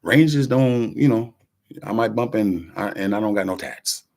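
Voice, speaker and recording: A man's voice: lowish voice, normal speed. A man in a casual, rambling monologue, talking in profane street slang, jumping between topics and acting out what other people said. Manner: animated, jumps between topics. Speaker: rapper talking to camera.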